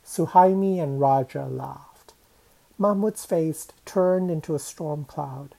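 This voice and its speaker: A woman reading a children's story aloud, expressive and changing her voice for each character. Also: deep voice, takes it slowly, vocal fry, low-quality recording.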